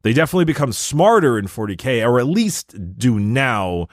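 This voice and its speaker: A man's voice: medium pitch, sing-song, moderate pace, no room sound, clean studio sound. A man co-hosting a casual chat who asks curious, joking questions and stumbles over how he starts. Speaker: podcast co-host.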